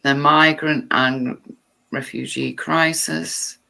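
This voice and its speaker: A woman reads text aloud at a slow, unhurried pace, her voice gravelly with fry. She keeps breaking off for sarcastic, irritated asides. Her tone stays bright and tense throughout. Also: low-pitched, fairly even intonation. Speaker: vlogger.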